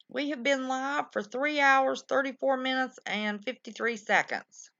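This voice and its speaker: A woman's voice: sits high, unhurried, bright, forceful tone, no room sound. A woman hosting a live-stream show, chatting in a folksy, affectionate way with callers and viewers. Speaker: livestream show host. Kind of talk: casual live-stream chat. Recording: dull lo-fi stream audio.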